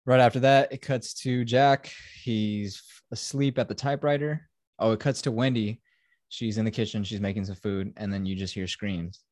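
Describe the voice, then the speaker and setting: This podcast host is a young man whose voice sits on the low side, steady in tone and a little mellow, at a normal speed. He walks through a film scene by scene in a casual review chat, swearing a lot and acting out quotes, recorded cleanly in a studio with no echo.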